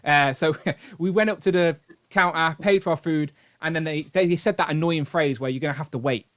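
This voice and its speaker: A British man hosting a live stream, telling a long story in an animated, rambling way with grumbling asides. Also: a little high, a little fast. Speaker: host. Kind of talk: casual live-stream chat.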